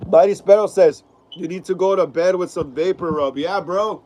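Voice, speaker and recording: A man with a fairly high voice hosts a casual live stream, reading out viewer comments. He is sick, and his clogged nose gives everything he says a stuffy, nasal sound. His delivery is loose and slangy, full of repeated phrases and "bro.". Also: normal speed, darkish tone, poor audio. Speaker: live-stream host of a horror film channel.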